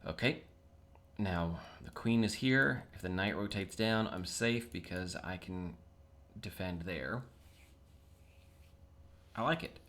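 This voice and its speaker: Male, low-ish register; relaxed self-talk, casual video host. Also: slow, long pauses. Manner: chatty, self-talking, plain everyday tone. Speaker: chess video creator. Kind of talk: casual thinking aloud while solving puzzles.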